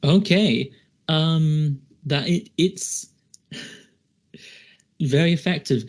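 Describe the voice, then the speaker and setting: A young man running a tabletop horror game on a podcast mic. He narrates in a slightly high voice, stalling and restarting as he thinks. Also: extremely slow. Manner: hesitant, full of ums and restarts. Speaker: game master.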